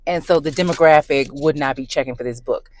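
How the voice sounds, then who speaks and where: Low-voiced woman ranting on her vlog. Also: brisk. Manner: animated, conversational, emphatic storytelling. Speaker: book vlogger. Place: in her car.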